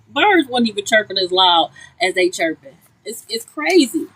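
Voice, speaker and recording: A woman's voice: on the high side, animated, brisk, hardly any pauses, a bit bright, slightly rough, low-quality recording. A woman giving a live tarot reading outdoors on a street, talking bluntly and profanely and repeating herself often. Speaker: tarot reader. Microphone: phone livestream.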